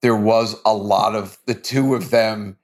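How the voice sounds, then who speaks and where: A man's voice: lowish voice, fairly even intonation, measured pace. A man hosting a podcast, musing loosely in casual chat. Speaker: podcast host.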